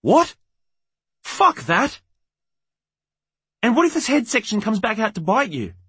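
A man's voice: sits high, big pitch swings, quick pace, fairly bright tone, breathy edge, no room sound, pitched above the performer's own voice, heavily acted. A male narrator voicing a flustered, belligerent young husband in an audiobook, raised and blustering. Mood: rattled.

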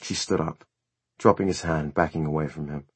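A man narrating an audiobook in a measured, steady storytelling manner. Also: extremely low pitch, breathy edge, no room sound. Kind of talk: scripted narration.

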